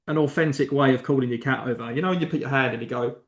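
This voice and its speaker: Male podcast co-host in a roomy space. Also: rapid-fire. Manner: dry, riffing, mock-serious pitches. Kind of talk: comedic podcast banter. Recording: roomy echo.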